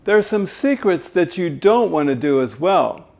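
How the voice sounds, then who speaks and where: A man's voice: sits high, very animated, normal speed, gravelly, hardly any pauses, darkish tone. A man working as a voice coach, giving an instructional talk and demonstrating voice faults with emphatic delivery.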